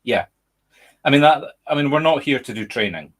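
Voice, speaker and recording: A man's voice: medium pitch, lively intonation, moderate pace, fairly bright tone. A Scottish man hosting a casual chat over a video call, speaking emphatically and candidly. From Scotland. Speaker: medium and podcast host.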